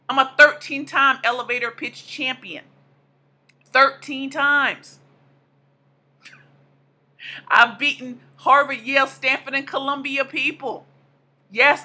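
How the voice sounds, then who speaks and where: A woman in her thirties with a high, very bright voice delivers a motivational speech. She talks emphatically and hammers her points home by repeating them. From American South / Midwest. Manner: emphatic, repeating lines for punch. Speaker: motivational speaker.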